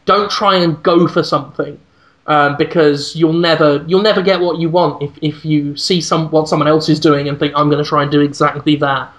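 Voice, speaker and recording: A man's voice: fairly high pitch, steady tone, normal speed. A man co-hosting a podcast, talking earnestly and rambling a little with restarts in casual chat. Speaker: podcast co-host.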